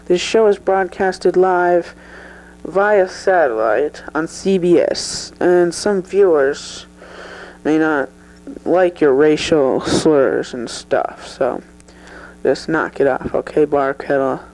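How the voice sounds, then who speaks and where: A performer playing a male talk show host who introduces and interviews a guest, halting with fillers. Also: medium pitch, darkish tone, pitched below the performer's own voice, close to an everyday voice, poor audio. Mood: scolding. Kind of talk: mock interview skit.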